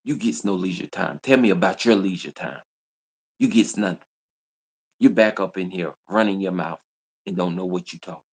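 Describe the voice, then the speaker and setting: A man delivers a scolding, repetitive rant to his livestream viewers, hammering the same lines over and over. His voice sits very low, with a gravelly rasp. He sounds confrontational and relentless. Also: moderate pace. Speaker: livestream host. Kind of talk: ranting livestream monologue.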